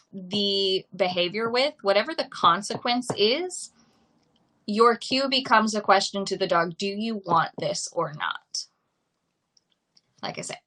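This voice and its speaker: Woman, dog trainer, live-stream Q&A, bright voice, patient and repetitive explainer. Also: medium pitch, rough recording. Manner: explains by repeating simple examples. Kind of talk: live-streamed talk answering viewer questions.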